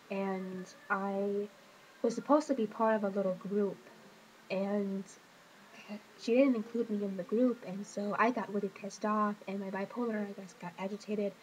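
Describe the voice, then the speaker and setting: Hesitant woman with a flat voice. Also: mid-range voice, a little hiss or hum, rough recording. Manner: halting, hesitant, many pauses and fillers. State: emotional, hurting. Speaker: vlogger. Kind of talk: personal confessional vlog.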